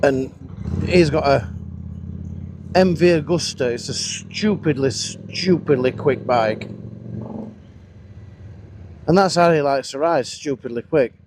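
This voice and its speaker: Slow and pausing often, this a-little-high male voice belongs to a Northern English motovlogger in his thirties. He chats casually and swears while telling rambling stories on a moving motorcycle, recorded outdoors through a helmet-mounted action camera mic with wind and engine noise.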